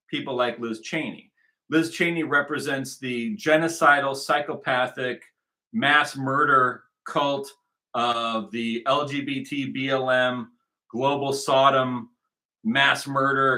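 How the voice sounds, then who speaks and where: A man's voice: mid-range voice, sharp tone. An American man from the United States giving sarcastic, rambling commentary on news clips and often repeating phrases.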